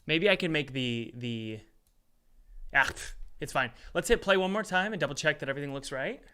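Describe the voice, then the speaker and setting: A man casually talking through his game development work at his computer, chatty and thinking out loud with exasperated asides. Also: a little high, lively intonation, moderate pace, clean tone. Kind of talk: casual devlog commentary while working.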